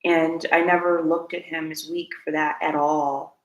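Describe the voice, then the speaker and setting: A woman's voice: deep voice, little pitch movement, unhurried, roomy sound, low-quality recording. A woman hosting a spiritual self-help talk, speaking earnestly and preachily, repeating her key points and asking viewers to comment. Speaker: host.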